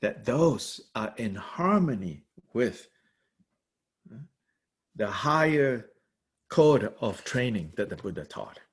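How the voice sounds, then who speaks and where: With a gravelly, sing-song voice that rises and falls over a wide range, a man teaching as a Buddhist explains a religious text in a halting, reflective way. Soft fillers fill his pauses, and he gives an occasional light laugh as he explains.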